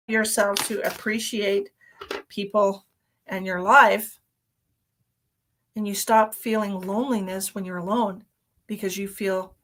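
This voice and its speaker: A woman's voice: mid-range voice, a bit bright, rough recording. A middle-aged woman hosting a live psychic reading stream, chatting casually with viewers and laughing often. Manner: chatty, laughs often, talks to her pets.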